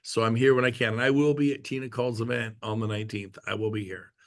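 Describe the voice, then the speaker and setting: A man's voice: mid-range voice, fairly even intonation, fast talker. A middle-aged man talking casually to a real estate team, telling stories and joking as he acts out quotes. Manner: chatty storyteller, jokey, acts out quotes. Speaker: guest speaker at a real estate team meeting. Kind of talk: casual talk on a video call.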